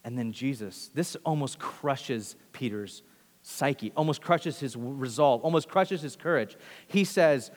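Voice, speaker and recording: A man preaching a sermon, telling the story with animated quoted voices and swinging from loud to hushed. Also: medium pitch, moderate pace, long reverb tail.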